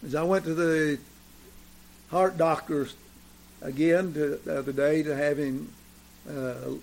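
An older man preaching a sermon to his congregation, deliberate and repetitive, with occasional fillers. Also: fairly high pitch, fairly even intonation, gravelly. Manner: slow, deliberate preaching with repeated phrases and fillers.

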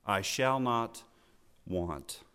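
A man preaching a sermon in an earnest, teaching tone, slowing down to stress key words and letting his phrases fall at the end. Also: lowish voice, lively intonation, sharp tone, clear, resonant tone. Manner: slow emphatic phrasing with falling line endings.

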